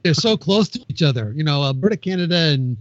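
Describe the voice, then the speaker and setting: A man's voice: fairly high pitch, animated, fast talker, no room sound, highs cut off. A man co-hosting a casual podcast, reading news items and joking with the others. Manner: jokey, laughs and whoops often.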